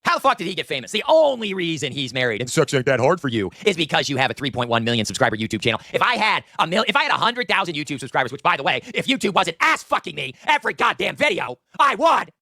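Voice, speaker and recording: Exasperated thirties man, foul-mouthed vlog rant, bright edgy tone, rapid delivery. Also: on the high side, big pitch swings, dry recording, clean studio sound. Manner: profane, exasperated, self-pitying ranting. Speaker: online video maker. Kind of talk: ranting vlog monologue.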